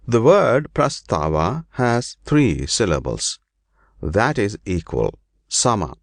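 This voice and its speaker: A man reading an ancient scripture aloud in slow, measured, deliberate phrases. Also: lowish voice, no room sound, clean studio sound. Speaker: reader.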